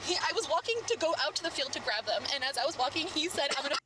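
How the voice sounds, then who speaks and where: A woman's voice: high voice, expressive, fast talker. A woman rambling emotionally as she tells a deputy her story outdoors, swearing often. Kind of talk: agitated account to police. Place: outdoors at a rural home. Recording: distant bodycam audio, outdoor noise.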